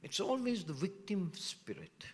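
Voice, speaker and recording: A middle-aged man preaching a sermon as pastor, with animated rhetorical questions, dropping to hushed asides and rising loud again. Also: sits high, a little slow. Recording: long reverb of a large hall.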